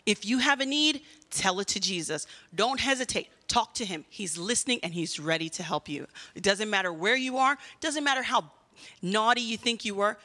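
A woman giving a children's sermon in a lively way, often asking the kids questions. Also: medium pitch, normal speed, long reverb tail. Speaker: children's church teacher.

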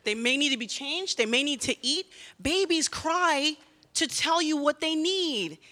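A woman giving a children's sermon in a lively way, often asking the kids questions. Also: high-pitched, a little slow, in a large hall. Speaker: children's church teacher.

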